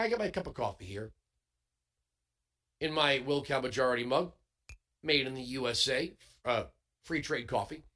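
A man's voice: a little high, pushed and bright. A man hosting a political talk radio show, delivering an emphatic, sarcastic monologue full of rhetorical questions.

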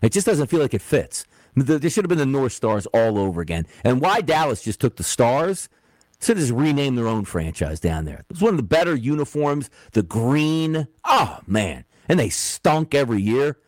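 A man co-hosting a sports talk radio show, talking in an animated, opinionated way and dropping low when he grumbles. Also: moderate pace, no room sound.

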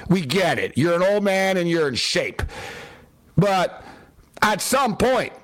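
A man with a high voice vents about football in a sarcastic, exasperated monologue. He talks bluntly and casually, like a fan commentator on his own show. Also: animated, takes it slowly, a bit bright. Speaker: sports commentator. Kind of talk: opinionated sports rant.

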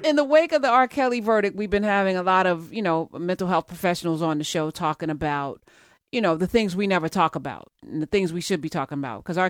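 A mid-pitched host teases a guest in a playful way during a casual video-call interview. The voice is close and dry, with no room sound around it. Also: a bit bright, dry recording. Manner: teasing, playful.

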